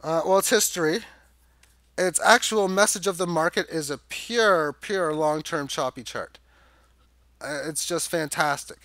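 A man's voice: a little high, measured pace, pushed and bright, no room sound. A man giving a rambling, casual chart walkthrough, thinking aloud with fillers and restarts. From Canada. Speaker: crypto chart analyst.

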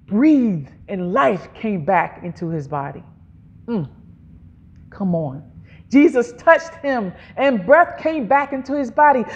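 A woman's voice: medium pitch, darkish tone. A woman preacher delivering an emphatic sermon, drawing out her phrases, gasping for effect and calling on the congregation to repeat after her. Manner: emphatic, drawn-out phrasing with audible gasps.

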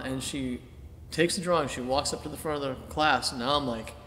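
A middle-aged man from Boston, an artist being interviewed, telling animated anecdotes and acting out his own past thoughts, with plenty of fillers. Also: medium pitch, a little fast, slight background noise. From Boston, Massachusetts, USA. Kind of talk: casual storytelling interview. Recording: roomy echo with long reverb, faint ambience.

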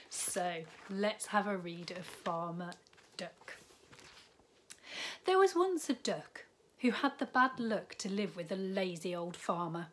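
A woman primary school teacher reading a picture book aloud to young children, gently pausing for asides about the pictures. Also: on the low side.

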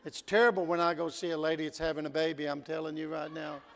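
A man preaching in a church sanctuary, his raised, gravelly voice carrying a long reverb tail. He tells stories and swings from forceful emphasis down to hushed asides. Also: a little high, level tone, fast. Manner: storytelling, swinging from loud emphasis to quiet asides. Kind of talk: sermon.

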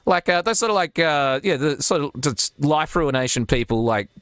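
A man's voice: on the high side, lively intonation, normal speed, fairly bright tone. A man hosting a casual livestream chat, rambling and crude, often mocking people with put-on voices. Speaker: podcast host.

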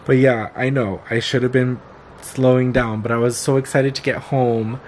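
A man's voice: medium pitch, steady tone, normal speed, a little mellow, a little hiss or hum. Giggly, chatty young-sounding man vlogging. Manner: chatty, giggly, laughs often. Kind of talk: casual vlog chat. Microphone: handheld camera.

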